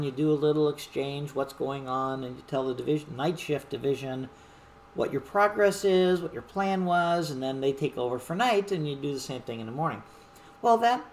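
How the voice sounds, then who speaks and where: Animated middle-aged woman telling a story. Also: deep voice, a little hiss or hum. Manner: animated storyteller who acts out shouted quotes. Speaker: wildland fire division supervisor. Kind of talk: storytelling monologue.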